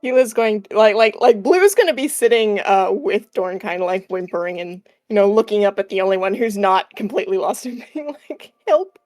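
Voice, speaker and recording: A woman's voice: mid-range voice, fairly quick, hardly any pauses, darkish tone, dry recording. Stammering woman tabletop player. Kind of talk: casual tabletop role-play chat.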